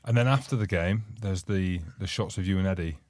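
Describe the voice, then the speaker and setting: A man's voice: low-pitched, brisk, a little mellow, no room sound, clean studio sound. A man co-hosting a podcast, asking questions with mocking jokes. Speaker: podcast co-host. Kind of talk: casual chat.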